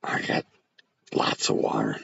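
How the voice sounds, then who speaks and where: A man's voice: a little slow, fairly bright tone, no room sound, muffled recording. A middle-aged man rambling casually to his viewers on a livestream, greeting chat by name. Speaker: livestream host. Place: home bunker.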